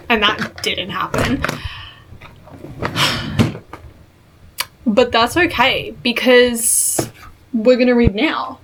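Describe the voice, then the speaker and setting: A young woman talking to her camera at home in a casual reading vlog, excitable and gushing, swearing casually. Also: a little high, drawn-out words, pauses often, a little hiss or hum, poor audio. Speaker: book vlogger. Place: at home indoors. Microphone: camera mic.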